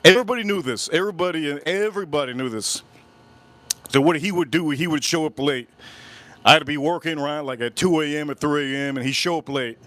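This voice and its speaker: A man's voice: on the high side, a little fast, no room sound. A man hosting a livestream, telling a long rambling story and repeating himself as he goes. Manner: rambling, repeats himself, animated retelling with quoted voices. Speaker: whiskey channel host. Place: Miami area, USA.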